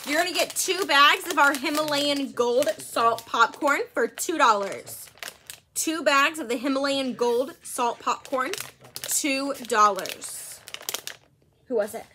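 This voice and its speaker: Bright high-voiced woman selling live. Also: moderate pace, few pauses, a little hiss or hum. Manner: chatty, laughs often, calls out bin numbers. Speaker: live-sale host. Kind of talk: live shopping stream chat.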